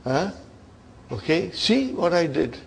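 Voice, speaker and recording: A man teaching a grammar class, slow and deliberate, constantly quizzing students and checking they follow. His voice sits slightly high, and he turns the lesson into playful little stories. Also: big pitch swings, vocal fry, slight background noise.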